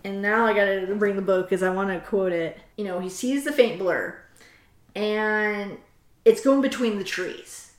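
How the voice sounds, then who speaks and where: A woman's voice: mid-range voice, unhurried. A woman hosting a casual chat, animatedly retelling a story and reading quotes aloud from a book. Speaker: host. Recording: roomy echo.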